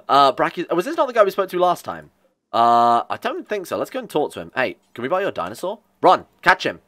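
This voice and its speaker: A man's voice: mid-range voice, fairly bright tone. A man giving casual, joking commentary while he plays a video game, often annoyed and swearing. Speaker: gaming streamer.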